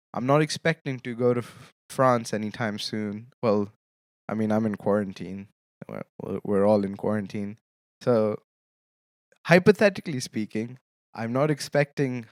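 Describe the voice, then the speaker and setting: Young male podcast host, casual joking chat, low pitch, smooth clean voice, dry close sound. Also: moderate pace, no room sound. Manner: casual, joking, often checks in with "okay?". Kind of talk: solo podcast talk.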